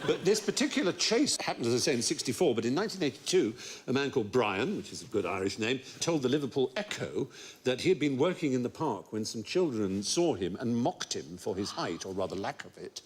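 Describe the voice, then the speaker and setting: A man's voice: medium pitch, very animated, a little fast, slight background noise. A man with a Welsh accent hosting a comic quiz show, playful and laughing through his stories. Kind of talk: comic storytelling.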